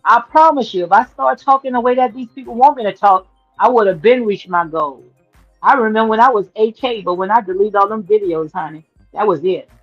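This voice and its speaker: A woman's voice: medium pitch, brisk, dry recording, faint music behind. Sassy lady livestreaming off her phone, keeps repeating herself, dull dry audio. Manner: sassy and emphatic, repeats phrases, says "honey". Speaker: livestream commentary host. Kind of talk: casual livestream commentary.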